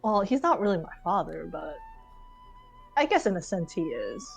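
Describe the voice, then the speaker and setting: A woman's voice: mid-range voice, very animated, moderate pace, creaky, breathy edge, soft background music. A woman playing a tabletop game, chatting casually and laughing easily. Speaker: player.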